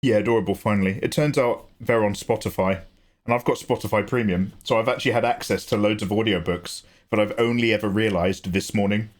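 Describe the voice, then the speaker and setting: An English man hosting a livestream, talking casually in an animated, chatty way, swearing and laughing easily. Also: lowish voice, a little fast. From England. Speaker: livestream host.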